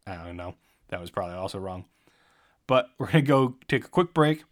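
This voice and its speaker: A man's voice: sits low, expressive, fairly quick. A young man hosting a solo sports podcast, talking in a jokey, rambling and self-mocking way. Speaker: podcast host.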